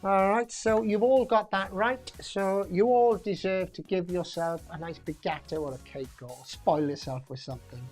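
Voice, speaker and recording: A woman's voice: mid-range voice, moderate pace, hardly any pauses, darkish tone, faint music behind. A woman hosting a pub quiz live stream in a chatty, jokey way, reading out answers and laughing often.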